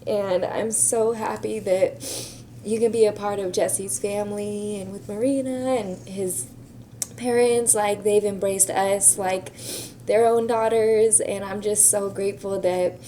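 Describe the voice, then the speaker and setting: Tender woman with a mellow voice. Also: mid-range voice, fairly even intonation, measured pace, slight background noise. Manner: tender and emotional. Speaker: bride's sister. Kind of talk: heartfelt personal message.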